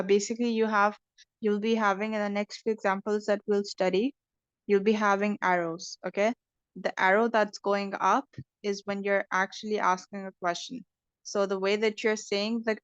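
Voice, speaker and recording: A woman's voice: mid-range voice, clean tone, no echo. Patient woman teaching with dull, dry sound. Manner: patient, explains step by step, checks understanding with "okay?". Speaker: English teacher. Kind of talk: online English lesson.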